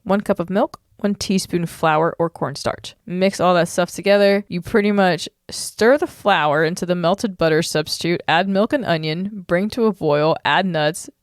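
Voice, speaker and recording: A woman co-hosting a casual podcast, reading old recipes aloud in a brisk, chatty rhythm. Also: lowish voice, no room sound, studio quality. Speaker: podcast co-host.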